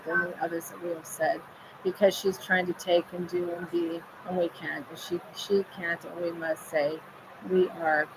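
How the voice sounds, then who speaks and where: Low, flat-voiced woman medium. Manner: repetitive, chant-like phrasing. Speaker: spirit medium relaying messages. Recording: steady background noise.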